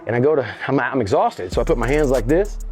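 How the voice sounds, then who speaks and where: A middle-aged man telling a story in a casual interview, animated and swearing, acting out the scene. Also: quick pace, faint music behind. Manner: animated, swearing, acts out the scene with jumps in pitch. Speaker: interview guest.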